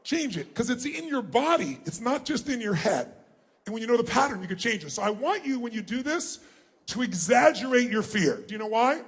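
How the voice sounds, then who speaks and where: A middle-aged man leads a live seminar in a vast arena. His voice sits unusually high, and it stays booming and commanding as he drives the crowd to shout their answers back at him. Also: sing-song, brisk, breathy edge. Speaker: motivational speaker. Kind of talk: live seminar talk to a large audience. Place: large arena.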